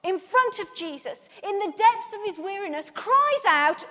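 Lady preacher, really high voice, acts out the voices in her story, big echoey hall. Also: moderate pace, hardly any pauses. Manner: animated storytelling, acting out others' lines. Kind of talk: sermon with personal story. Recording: long reverb in a large hall.

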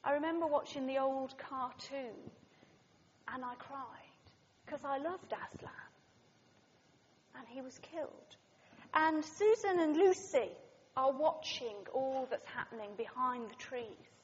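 High-voiced woman preaching in a hall. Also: animated, takes it slowly, a little hiss or hum. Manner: dramatic storytelling, swinging from loud to hushed. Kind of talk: sermon with story reading. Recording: dull sound in a reverberant hall.

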